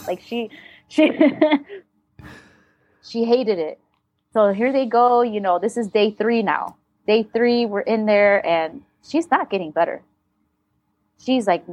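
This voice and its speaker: A woman's voice: a little high, animated, unhurried, darkish tone, no echo. A woman talking as an interview guest, telling a personal story candidly and bluntly, with swearing and re-enacted dialogue.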